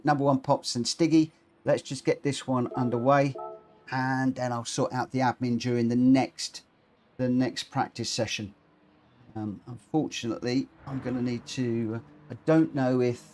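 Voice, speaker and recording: A man hosting and commentating online racing in a chatty, excitable, jokey way over a live stream. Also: mid-range voice. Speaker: race commentator and lobby host. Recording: game audio noise behind.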